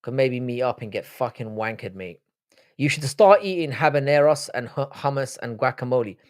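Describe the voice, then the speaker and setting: This livestream host is a man in his thirties with a medium-pitched voice and a moderate pace. Tired and worn out, he chats casually, curses without holding back, and wanders off track, often starting sentences over.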